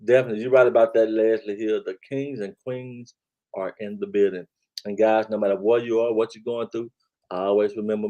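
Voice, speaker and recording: A man's voice: lowish voice, steady tone, fairly quick, warm tone. A man hosting a casual live-stream talk show, laid-back and repeating "man" and "y'all" as he reads out the chat.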